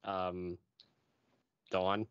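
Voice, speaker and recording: Low-voiced, dry-joking man at a game table. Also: level tone, drawn-out words, smooth, dry recording. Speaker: player. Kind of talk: casual tabletop game chat. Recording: dull lo-fi mic, faint hiss.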